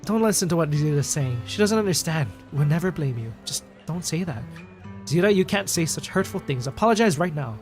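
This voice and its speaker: A man reading the lines of a gentle widow and mother from a game in a soft, consoling way. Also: on the high side, lively intonation, a little fast, soft background music.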